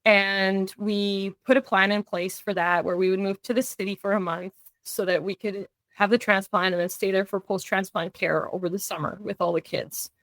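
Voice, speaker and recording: A middle-aged woman guesting on a podcast tells a personal story at a moderate pace, her mid-range voice steady and fairly bright, with no room sound. She recounts it earnestly, slipping often into quoted dialogue and falling into restarts and fillers when tense.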